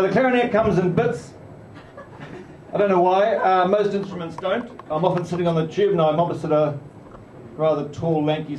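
A man doing stand-up in a pub, with a dry, rambling, deadpan delivery. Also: on the high side. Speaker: stand-up comedian. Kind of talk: stand-up comedy. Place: pub comedy club. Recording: muffled distant echoey room recording. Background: room noise.

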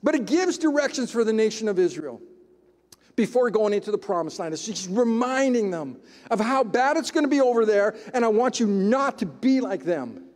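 A man preaching a sermon as pastor, in an emphatic, conversational style with dramatic pauses. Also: very high voice, darkish tone, long reverb tail. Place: church sanctuary.

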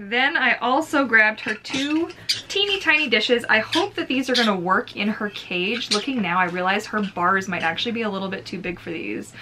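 A vlogger with a slightly high, sharp voice hosts a casual unboxing of her pet bird, with a little hiss or hum in the recording. She chats and giggles, filling gaps with fillers and cooing baby talk at the bird.

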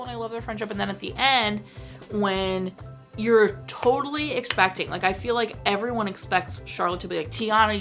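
A young woman chats about a movie she loves, gushing and full of filler words. Her voice sits at an ordinary middle pitch, and faint music plays under her talk. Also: fairly bright tone. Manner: gushing, enthusiastic, frequent "like" fillers. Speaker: movie reviewer. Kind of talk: casual chat.

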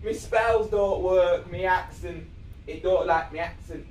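A gamer commentating on a VR game, excitable and yelling spell words at it. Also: mid-range voice, a little slow. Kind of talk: let's play commentary. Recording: echoey room, mic off at a distance, faint noise.

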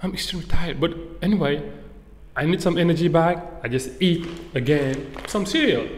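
A man teaching slang in a casual lesson, switching between French and English and acting out example phrases with drawn-out words. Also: a little high, expressive, a little hiss or hum. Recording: echoey room with long reverb.

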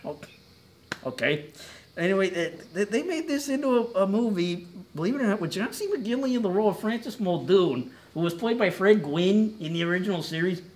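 Man, co-host, casual joking commentary, higher-pitched, wry asides, self-correcting. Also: animated, a little fast, a little mellow. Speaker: co-host of a top ten list show.

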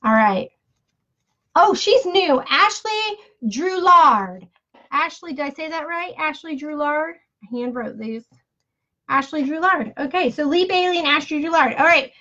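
A chatty woman runs a relaxed live-stream giveaway, tossing in playful jokes as she goes. Her voice sits high, and the sound is dull and lo-fi, like a phone or webcam mic. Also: normal speed. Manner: chatty and playful, jokey asides. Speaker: craft seller hosting a live giveaway. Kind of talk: casual live-stream chat.

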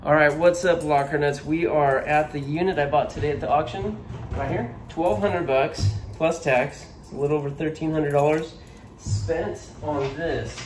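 A man's voice: a little high, noisy background. A man vlogging casually, telling a long story with many ums and restarts, then touring a storage unit he bought. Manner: chatty, rambling, frequent ums and restarts. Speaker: storage locker buyer and vlogger.

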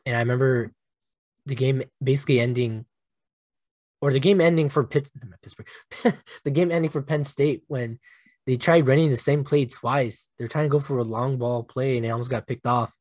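A young man hosting a solo sports podcast, animated and emotional, swearing casually and laughing at himself. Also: mid-range voice, moderate pace, dry recording. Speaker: podcast host.

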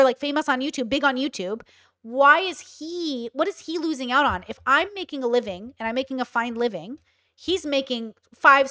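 A woman's voice: high-pitched, pushed and bright, no echo, clean studio sound. A young woman hosting casual commentary, chatty and full of "like" fillers. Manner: chatty, many 'like' fillers. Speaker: host.

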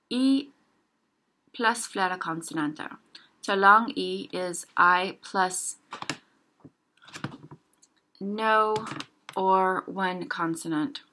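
A young woman teaching a casual language lesson, slowly sounding out example words one at a time. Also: medium pitch, bright, forceful tone, slight background noise.

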